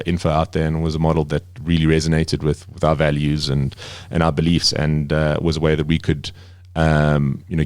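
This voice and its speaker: A man's voice: extremely low pitch, darkish tone, no echo. A man who runs a media company, talking as a guest in a casual interview, rambling with many fillers and restarts.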